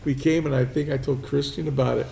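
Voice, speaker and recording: A man's voice: mid-range voice, steady tone, quick pace, vocal fry, mellow. A man hosting a live podcast, telling stories casually, swearing and acting out what others said. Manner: swearing storyteller, acting out quoted voices. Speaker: podcast host. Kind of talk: casual storytelling chat. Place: restaurant venue, live podcast. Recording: faint noise, live remote venue.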